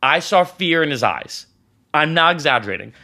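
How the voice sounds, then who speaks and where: A man's voice: on the high side, moderate pace. A young man telling a story in a casual vlog, acting out the dialogue as he goes. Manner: animated, acts out the dialogue. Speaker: vlogger.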